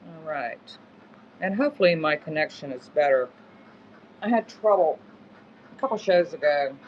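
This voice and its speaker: A man's voice: on the high side, lively intonation, moderate pace. Easygoing middle-aged man selling online. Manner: rambling, self-correcting, easygoing. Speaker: live-stream auction seller. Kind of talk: casual live-selling chat. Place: home in the woods. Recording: dull lo-fi phone stream with faint background noise.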